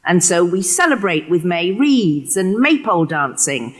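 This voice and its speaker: An English woman with a West Country accent delivering a prepared keynote lecture, expressive and given to acting out quotations. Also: lowish voice, unhurried. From England. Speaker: keynote speaker.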